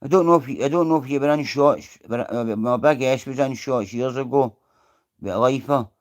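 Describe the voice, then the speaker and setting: A man's voice: medium pitch, moderate pace. A man with a Scottish accent hosting a casual live stream, rambling, swearing freely and greeting viewers by name. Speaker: livestream host.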